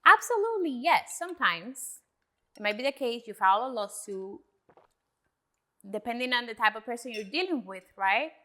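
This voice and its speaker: Bright, high-voiced woman lawyer. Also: very animated, normal speed. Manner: emphatic, mixes in Spanish phrases. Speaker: attorney and podcast co-host. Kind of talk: casual podcast chat.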